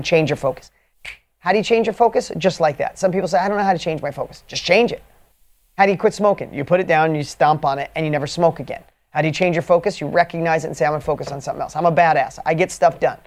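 A man giving a motivational training talk, energetic and emphatic, switching between quick bursts and slow drawn-out stresses, blunt and mildly profane. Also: high-pitched.

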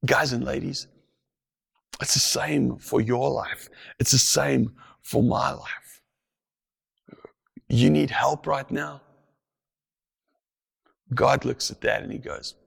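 Male preacher, husky, unhurried delivery, hushes down for emphasis. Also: medium pitch, steady tone. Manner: slow, deliberate, drops to a hush for emphasis. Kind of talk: sermon.

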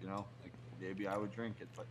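Laid-back man with low mumbled asides. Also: level tone, a little fast, background noise. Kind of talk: casual chat, beer tasting.

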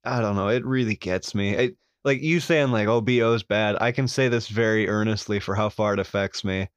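A man's voice: fairly low pitch, fairly quick, smooth, dry recording. Dry-voiced young man telling stories. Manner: earnest, storytelling, dry humor. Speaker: podcast co-host. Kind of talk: casual chat.

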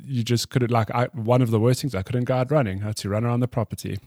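A man's voice: mid-range voice, steady tone, fast, mellow, dry recording, clean studio sound. A man co-hosting a podcast, telling rambling anecdotes in casual chat and laughing often. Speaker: podcast co-host.

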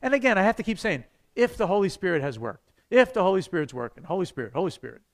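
A man, a pastor, teaching a church evangelism class in a conversational, animated way, acting out the voices he quotes. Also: sits high, fast.

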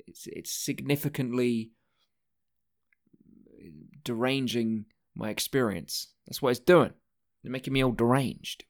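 A man hosting a casual solo podcast, rambling from one thing to the next, swearing often and breaking off his own sentences. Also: lowish voice. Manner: rambling, profane, self-interrupting. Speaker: podcast host.

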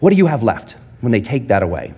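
A man delivers a casual sermon as pastor, his voice of middling pitch swinging widely up and down. He keeps it jokey and animated, tossing questions to the audience as he goes. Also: fast talker, husky.

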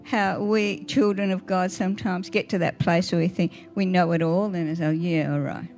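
An older woman, preaching a sermon in a chatty, warm way and asking the congregation questions. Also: lowish voice, level tone, moderate pace, faint music behind.

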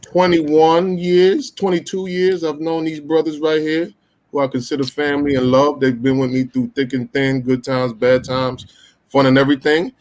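A man in his forties on a casual podcast, telling a story in a warm, slangy way. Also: a little high, level tone, moderate pace. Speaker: podcast co-host. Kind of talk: casual chat among friends.

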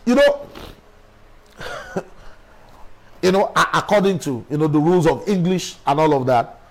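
A man's voice: on the high side, lively intonation, normal speed, rough recording. A middle-aged man delivering a sermon as a preacher, emphatic and full of rhetorical questions.

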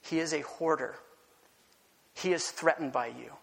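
A male pastor preaching an animated sermon full of rhetorical questions and emphatic repetition, recorded in a church sanctuary with a long reverb. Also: a little high, a little slow, vocal fry, slightly rough.

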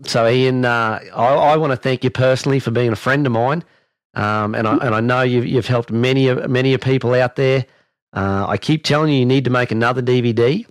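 An Australian man hosts a casual interview, swapping stories and calling people mate. His voice sits in a middling pitch. It is recorded close and dry, with no room echo. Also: brisk. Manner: chatty, matey, tells anecdotes. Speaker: podcast host and horse coach.

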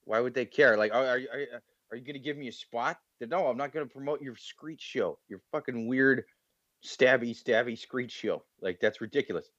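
A man's voice: medium pitch, fairly quick, hardly any pauses, a bit bright, dry recording, muffled recording. A man co-hosting a podcast, riffing and joking with plenty of swearing in casual chat. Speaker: podcast co-host.

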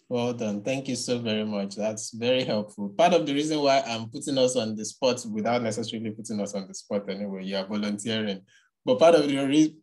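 A man leading an online faith group over a video call, encouraging and measured in how he affirms others. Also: medium pitch. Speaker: study group leader.

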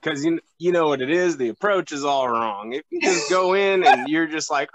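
Young man, podcast guest, casual chat, lots of fillers, forceful tone. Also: a little high, lively intonation, no room sound, dull audio. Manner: halting, many fillers and restarts.

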